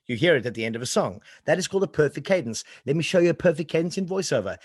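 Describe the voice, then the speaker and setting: Excitable south african guy explaining voiceover, highish voice, dry sound. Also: a little fast, no room sound. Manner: exuberant, sings out sounds and demonstrates reads. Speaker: voice-over coach and agent. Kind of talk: animated interview answers.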